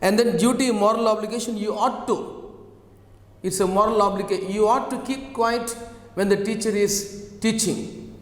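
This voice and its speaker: A male teacher giving a classroom grammar lesson, repeating each phrase slowly and often asking whether the students follow. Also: sits high, fairly even intonation. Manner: slow, spells words out and repeats each phrase; checks understanding with frequent "right?" and "okay?". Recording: echoey classroom, reverberant.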